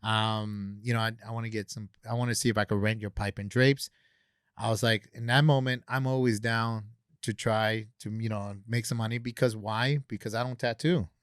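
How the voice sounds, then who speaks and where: A man on a podcast, telling a long story in a casual, animated way and acting out the people he quotes. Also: lowish voice, normal speed, smooth, no room sound, studio quality. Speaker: guest, convention organizer.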